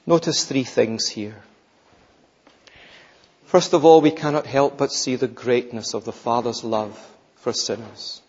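A man preaching a sermon emphatically, building to fervent peaks and dropping low. The sound is dull and lo-fi in a large church with long reverb. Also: measured pace, long pauses, darkish tone, slightly rough.

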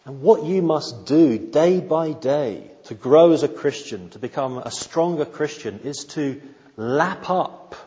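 A man's voice: medium pitch, dark tone. A man preaching a sermon as pastor, emphatic and repetitive, asking the congregation questions. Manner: emphatic, repeats key phrases, rhetorical questions. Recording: dull sound with long reverb in a hall.

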